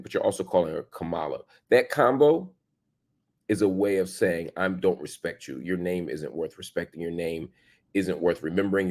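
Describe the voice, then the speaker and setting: A slightly mellow voice with a breathy edge belongs to a man hosting an opinion commentary program. He argues emphatically, asking rhetorical questions, using everyday slang, and jumping in pitch to stress points.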